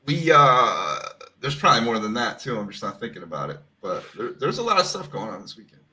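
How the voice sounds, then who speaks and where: A man co-hosting a casual podcast, lively but hesitant, with many fillers. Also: mid-range voice, a little fast, slightly rough. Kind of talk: casual chat.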